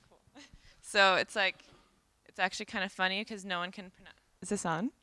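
A woman's voice: mid-range voice, steady tone, fairly quick, sharp tone. An American woman from New York City giving a live seminar lecture on fermentation, casual and chatty with lots of "um" and "like". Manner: casual, chatty, many fillers like "um" and "like". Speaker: fermentation educator and speaker.

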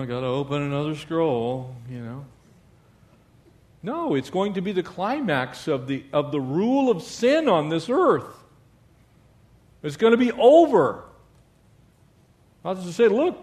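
Male pastor, fairly high voice, lively sermon with call-and-response amens and jokes.

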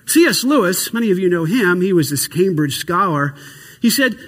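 A man preaching a sermon as a pastor, earnest, slowing down and stressing the scripture lines he reads and repeats. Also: high voice, animated, a bit bright, breathy edge, long reverb tail.

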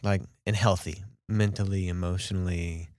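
A man's voice: sits low, normal speed, no room sound, studio quality. A man hosting a podcast, asking casual questions full of "like" and restarts. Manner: casual, filler-heavy, lively questioning. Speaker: podcast host. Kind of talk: conversational interview.

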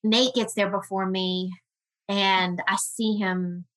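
A woman guest on a podcast, telling a personal story in an earnest, emotional way with halting restarts. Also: mid-range voice, fairly even intonation, fairly bright tone, rough recording.

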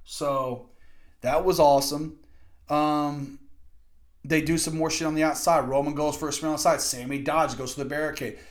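A man giving a casual, excitable and profane play-by-play review of a wrestling event. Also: on the high side, normal speed. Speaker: wrestling podcast host.

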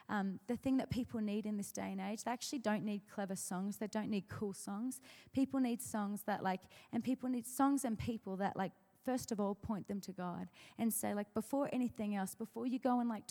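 A woman's voice: mid-range voice, darkish tone. A woman songwriter telling a story to an audience in a chatty way, full of fillers and restarts. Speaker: worship songwriter speaking at an event. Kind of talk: casual storytelling talk. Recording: long hall reverb.

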